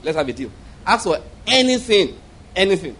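A man's voice: high voice, sing-song, moderate pace, fairly bright tone, full character voice. A man voicing God as a cheerful, amused almighty father in a sermon. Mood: generous. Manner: playful, conversational.

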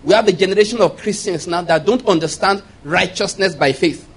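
A preacher with a notably high, husky voice delivers a fairly quick sermon. He hammers his points with repeated key phrases and call-and-response questions like "It is by what?", pressing the listeners hard.

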